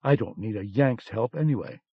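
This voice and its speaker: A man reading an audiobook, voicing a calm, determined male agent in a firm, steady manner, on a dull lo-fi cassette recording. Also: lowish voice, moderate pace, breathy edge.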